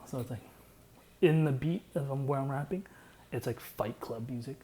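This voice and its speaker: A man's voice: medium pitch, normal speed, dark tone, poor audio. A young man casually explaining his own song in a loose, rambling way, full of "like" fillers.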